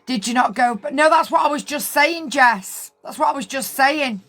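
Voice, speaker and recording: A woman's voice: high voice, normal speed, fairly bright tone. A woman, chatting casually on a livestream and telling a story indignantly, repeating her points for emphasis. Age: 50s. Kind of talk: casual livestream chat with viewers.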